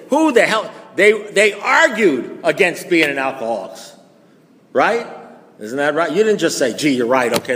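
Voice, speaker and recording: A man giving a recovery meeting talk to a live audience. He is blunt and profane and keeps firing rhetorical questions at the room. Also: a little high. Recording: long reverb of a large hall.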